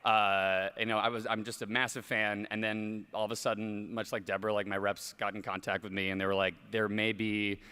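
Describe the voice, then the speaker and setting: Smooth-voiced excited man on a panel. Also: fairly low pitch, a little fast, few pauses. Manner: excited, fanboyish, rambling. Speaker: actor on a game panel. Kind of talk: panel anecdote.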